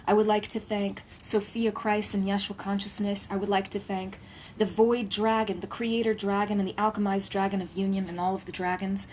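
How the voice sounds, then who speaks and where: A woman spiritual healer channels a message at home in a medium-pitched voice. Reverent and litany-like, she now and then slips into a hushed whisper and throws in playful asides, with a little background noise present.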